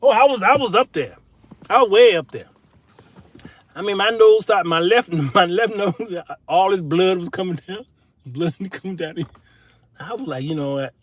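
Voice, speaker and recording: A middle-aged man hosting his own show in a solo monologue, turning from preachy sermonizing to folksy comic storytelling with shouted punchlines. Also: high-pitched, moderate pace, no room sound. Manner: folksy, casual speech. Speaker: show host.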